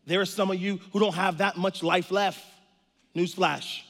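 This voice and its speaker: Male pastor, high voice, preaching in a big hall with long reverb; loud and quiet passages alternate. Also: fairly even intonation, moderate pace. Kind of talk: sermon.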